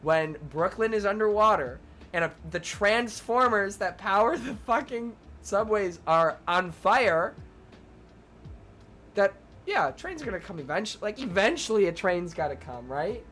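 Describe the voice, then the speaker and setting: Faint music plays behind a young man streaming in a high-pitched, animated, slightly bright voice, taking his time. He rambles through a long story for his live chat, with "like" in every phrase, lots of swearing and breaks to thank viewers.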